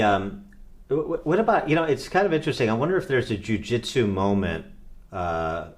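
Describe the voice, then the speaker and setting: A man hosting a podcast, asking questions in a conversational way and searching for his words as he goes. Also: low voice. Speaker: podcast host. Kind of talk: interview questioning.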